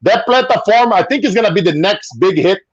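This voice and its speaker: Brazilian-accented man, casual guest, animated storyteller, high bouncy voice, dry slightly dull sound. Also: fairly quick, slightly rough, no echo. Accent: Brazilian Portuguese. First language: Portuguese. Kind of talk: casual chat on a video call.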